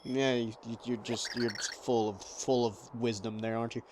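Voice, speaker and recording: A man's voice: mid-range voice, little pitch movement, moderate pace. A young man hosting a let's play, rambling and self-deprecating in casual gameplay commentary, often stumbling over words. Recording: game music behind.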